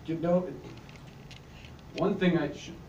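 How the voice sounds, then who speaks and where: A man's voice: fairly high pitch, fairly even intonation, slow pace, dull audio, noisy background. A teenage boy in a school library, giggling through a goofy skit and slipping into a mock British accent. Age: teens. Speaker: student actor. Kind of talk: goofy amateur skit rehearsal. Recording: echoey, distant phone mic, chatter.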